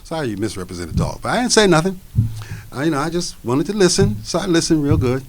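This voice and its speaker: A man's voice: on the high side, sing-song, fast talker. A man performing a spoken word story in a casual, chatty way, full of fillers. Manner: casual, conversational, many fillers like you know.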